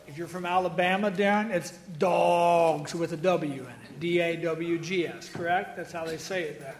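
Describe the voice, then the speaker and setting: A man's voice: high voice, animated, a little slow, hardly any pauses, roomy sound, a little hiss or hum. A man preaching a sermon, folksy and joking, with asides to members of the congregation. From Iowa. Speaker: pastor.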